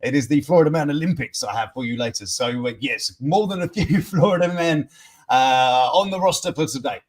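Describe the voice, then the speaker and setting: Guy hosting a chatty news stream, kinda high voice, lots of uhs and restarts. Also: a little fast. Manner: rambling, many fillers and restarts, chuckling. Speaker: host. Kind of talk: casual live-stream chat.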